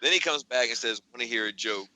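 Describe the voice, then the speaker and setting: A man hosting a podcast in casual chat, recounting a string of text messages in an animated way. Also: mid-range voice, fast, dry recording, rough recording. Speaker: podcast host.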